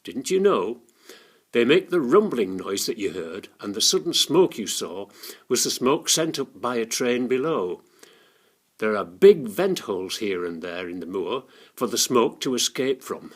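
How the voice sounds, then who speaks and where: A man doing a calm kindly old gentleman. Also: mid-range voice, unhurried, breathy edge. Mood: reassuring. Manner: gently soothing.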